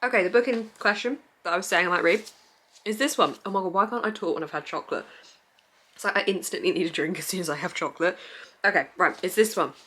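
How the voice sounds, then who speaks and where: A woman's voice: fairly low pitch, fast, fairly bright tone, husky. A young woman chatting casually on her reading vlog, rambling, giggly and easily sidetracked. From England. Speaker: book vlogger.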